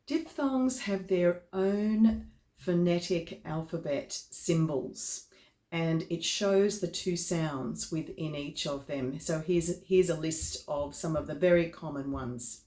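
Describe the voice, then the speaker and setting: Woman vocal coach, slow and deliberate delivery, lower pitch, roomy echo. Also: mellow. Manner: slow, deliberate, demonstrates example words one by one. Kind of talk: instructional explanation.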